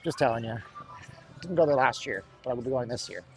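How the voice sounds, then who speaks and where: A man's voice: medium pitch, lively intonation, fast talker, a little mellow, soft background music. Chatty man on a walking livestream. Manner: chatty, joking, laughs often. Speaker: livestream host. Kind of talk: casual walking-tour livestream chat. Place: outdoors at an outlet mall.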